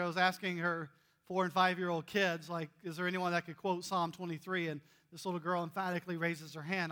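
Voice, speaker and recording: A man preaching a sermon, telling stories earnestly and swinging between loud emphasis and hushed asides. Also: high voice, little pitch movement, a little fast. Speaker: pastor.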